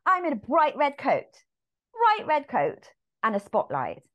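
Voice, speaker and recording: An English-accented woman, a musical theatre actress, is a guest on a podcast sharing lively anecdotes in casual chat. Her voice is high-pitched and a little slow, and she acts out the lines she quotes.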